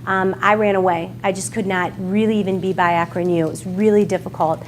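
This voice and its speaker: A woman's voice: medium pitch, steady tone, a little fast. Woman author, Midwest accent, emotional talk to a live bookstore audience, faint background noise. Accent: American Midwest. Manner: emotional, heartfelt, near tears at times. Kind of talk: emotional speech at a book signing. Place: bookstore event room with an audience.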